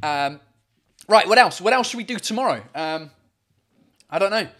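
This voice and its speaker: A man's voice: high-pitched, animated, normal speed, fairly bright tone. A man hosting a casual livestream from home, reading out viewer comments in a rambling way, with lots of fillers and swearing. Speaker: livestream host.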